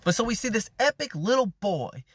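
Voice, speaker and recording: High-voiced man preaching casually. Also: big pitch swings, brisk, no echo. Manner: conversational, slangy, acts out quoted characters. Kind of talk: casual sermon retelling a Bible story.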